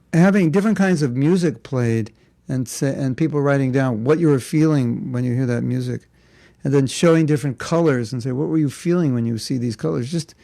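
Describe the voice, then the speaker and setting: A man's voice: mid-range voice, gravelly, warm tone, no echo. A man giving an informal spiritual class, talking conversationally with rhetorical questions and joking asides. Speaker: spiritual teacher.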